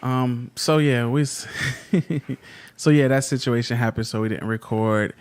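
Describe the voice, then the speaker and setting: A man's voice: mid-range voice, unhurried, clean tone. A man in his thirties co-hosting a podcast with his wife, telling stories in a laid-back, slangy way. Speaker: podcast co-host. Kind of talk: casual couple chat.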